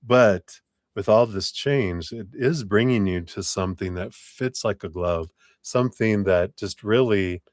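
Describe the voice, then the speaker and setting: A man's voice: fairly low pitch, unhurried, no echo, studio quality. A man giving a live-stream tarot reading in a chatty, laughing, rambling way. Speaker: tarot reader. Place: home room with air conditioner.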